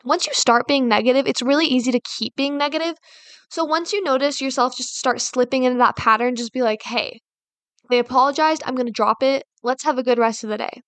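Woman, casual advice talk, higher pitch, rambling, lots of fillers, dry close sound. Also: fairly bright tone, no room sound. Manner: rambling, heavy use of fillers like "like" and "you know". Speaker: podcast host.

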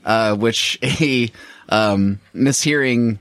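A man's voice: mid-range voice, extremely slow, fairly bright tone, no echo. A man in casual podcast chat, rambling and swearing freely, a little self-mocking. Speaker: tabletop game player on a podcast.

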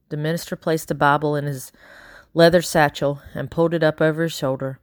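A woman narrating a first-person audiobook in a steady, quietly dramatic way. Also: low voice, fairly quick, dry recording, clean studio sound. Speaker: audiobook reader.

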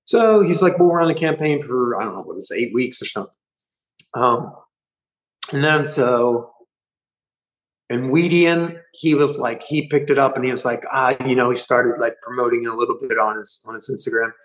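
A middle-aged man, a band musician, telling a story in a rambling, profane, animated way during a casual interview. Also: mid-range voice, normal speed, low-quality recording.

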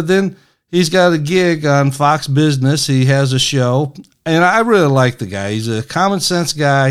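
A man's voice: fairly high pitch, clear, resonant tone. A middle-aged man hosting a casual political commentary, talking in a sarcastic, mocking, folksy way.

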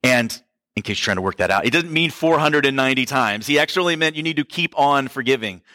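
A man's voice: mid-range voice, lively intonation, fast, bright, forceful tone, no echo, clean studio sound. A man preaching a sermon as pastor, in a conversational way with asides to the congregation.

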